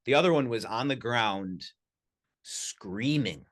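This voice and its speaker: A man telling lively personal anecdotes as a podcast guest, talking casually with lots of "you know" and "like". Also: mid-range voice, slow. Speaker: podcast guest, sound healer. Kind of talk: casual storytelling. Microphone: studio podcast mic.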